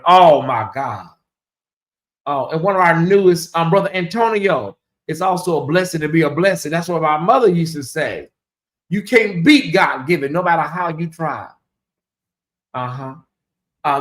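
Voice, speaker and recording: A man hosting a casual livestream, reading viewer comments aloud and stretching out questions slowly for effect. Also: a little high. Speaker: livestream host.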